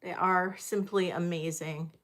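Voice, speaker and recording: A middle-aged woman hosts a live-streamed vintage jewelry sale, talking slowly as she thinks aloud. Her voice has a bright, forward edge. She fills pauses with ums and chats casually with her viewers. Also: fairly low pitch, fairly even intonation.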